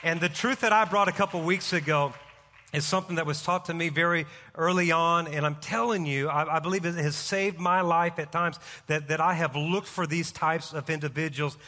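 A middle-aged man preaching a sermon as pastor, energetic and joking as he tells a story. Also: fairly high pitch, moderate pace. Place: church sanctuary. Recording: live hall reverb.

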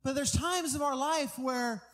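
A man's voice: extremely high pitch, measured pace, a bit bright, long reverb tail. A middle-aged American pastor preaching an earnest, conversational sermon, often restarting his sentences.

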